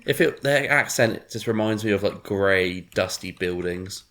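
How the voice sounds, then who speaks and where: A man's voice: on the low side, measured pace, fairly bright tone. A man chatting on a podcast, giving blunt, opinionated banter. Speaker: podcast co-host. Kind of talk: casual chat.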